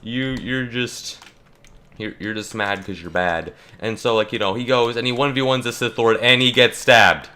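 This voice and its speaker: Bright-voiced young man ranting jokingly. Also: mid-range voice, normal speed. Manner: joking, rambling, many fillers and restarts. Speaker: gaming YouTuber. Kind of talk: casual rant while playing.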